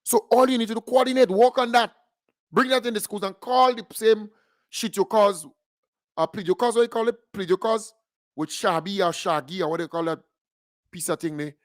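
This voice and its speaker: A man's voice: sits high, normal speed, no room sound, studio quality. A man with a Grenadian accent delivering political radio commentary as a fiery, mocking and combative rant.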